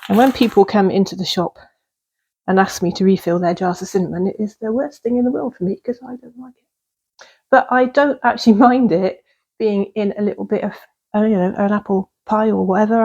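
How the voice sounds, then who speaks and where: Chatty woman vlogger, slightly husky, casual kitchen talk, rambling and easygoing. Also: medium pitch, brisk, a little mellow. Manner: chatty and rambling, with fillers and small laughs. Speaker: vlogger baking at home. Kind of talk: casual cooking vlog chat. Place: cottage kitchen.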